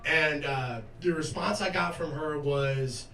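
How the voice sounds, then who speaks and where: A man's voice: a little high, slow pace, creaky, bright, forceful tone, a little hiss or hum. A man in his twenties doing a stand-up comedy set, jovial, crude and self-mocking. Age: 20s. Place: comedy club stage. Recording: roomy club sound from a distance with audience laughter.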